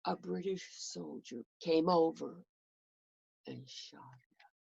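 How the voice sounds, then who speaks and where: A woman's voice: low-pitched, slow pace, gravelly, a little mellow, breathy edge, no room sound. A woman telling a historical story in the first person, with dramatic, emotional delivery. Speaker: historical portrayer. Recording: dull lo-fi recording.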